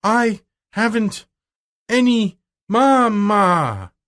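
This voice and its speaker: A man's voice: high-pitched, expressive, measured pace, a bit bright, voice pushed up. A man reading aloud and voicing a spoiled little girl who whines and sobs. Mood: wailing. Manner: whiny, sobbing.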